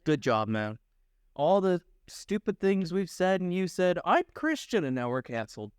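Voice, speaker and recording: A man's voice: on the high side, animated, moderate pace, darkish tone, clean tone, no room sound. Wry teasing man, dry close mic. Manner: wry, teasing, laughs along. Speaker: podcast co-host. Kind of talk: casual chat.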